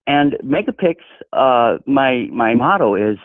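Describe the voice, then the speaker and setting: A man's voice: medium pitch, big pitch swings, moderate pace, no echo. A male caller chatting casually on a phone-in show, joking and stammering a little. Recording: dry thin phone line.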